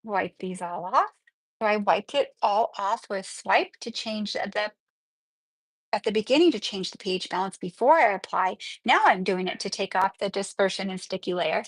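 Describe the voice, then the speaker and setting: Talking while she works, a middle-aged woman teaches nails on a livestream in a chatty, upbeat way. She has a husky, medium-pitched voice at normal speed, captured in a rough recording with no echo.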